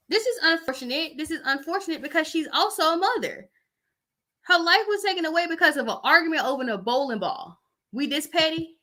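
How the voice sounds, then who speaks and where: A woman in her thirties reads the news aloud and comments on it in a casual, blunt way. Her voice is bright and a little high, and she often sighs and speaks with plain emotion. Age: 30s. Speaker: vlogger reading the news.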